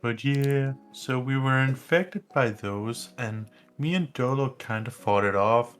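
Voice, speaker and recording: A man playing a tabletop game, describing events haltingly and with many fillers. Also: mid-range voice, slight background noise. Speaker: player. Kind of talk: casual tabletop play.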